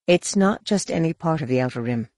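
Grave woman leader, low and measured, read by a woman narrator; dry audiobook. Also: expressive, darkish tone, no echo. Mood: urgent.

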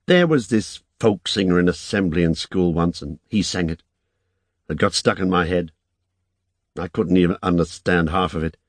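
A man reading the lines of a wary, self-conscious young woman in a soft, reluctant, hushed way. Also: sits low, normal speed, no echo, clean studio sound.

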